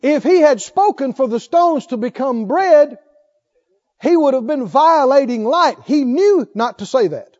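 A man preaching a sermon, emphatic, swinging from loud exhortation to hushed intensity. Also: extremely high pitch, lively intonation, a little slow. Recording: dull lo-fi sermon recording.

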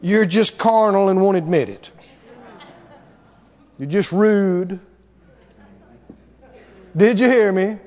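In a dull recording drenched in long hall reverb, a male preacher delivers an emphatic sermon, repeating key words and posing rhetorical questions to the congregation. His high, darkish voice goes slowly, with frequent pauses.

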